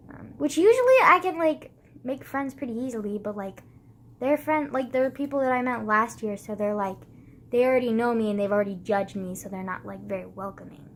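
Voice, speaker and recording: A woman's voice: on the high side, a little fast, a little hiss or hum. A teenage girl vlogging in casual chat, filling her talk with "like", sighing often and swearing bluntly. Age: teens. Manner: heavy use of "like" as filler, frequent sighs, blunt swearing.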